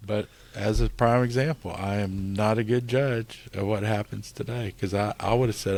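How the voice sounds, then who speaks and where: A man's voice: on the low side, fairly even intonation, normal speed, few pauses, a little mellow. A middle-aged man co-hosting a podcast, talking earnestly and casually about faith and recovery, with frequent "you know"s. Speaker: podcast co-host. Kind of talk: casual spiritual recovery talk.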